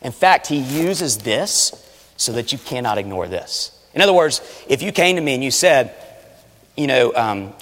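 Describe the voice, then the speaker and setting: A man preaching a sermon, animated, swinging between loud urging and hushed asides. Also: medium pitch, moderate pace. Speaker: pastor. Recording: long reverb of a large hall. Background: audience.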